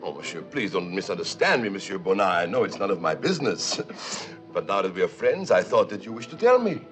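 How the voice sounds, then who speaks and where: A man's voice: sits low, very animated, quick pace, fairly bright tone. An actor playing a wheedling, scheming male colonial official who talks in a fawning, theatrical, sing-song way. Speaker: local official. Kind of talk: 1950s film acting. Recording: dull old film soundtrack with music.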